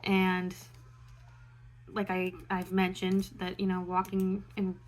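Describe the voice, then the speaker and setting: A woman's voice: lowish voice, completely flat delivery, takes it slowly. A young woman talking to camera in a loose, reflective monologue, full of fillers and restarts. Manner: meandering, many fillers like "um" and "you know". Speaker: astrology vlogger.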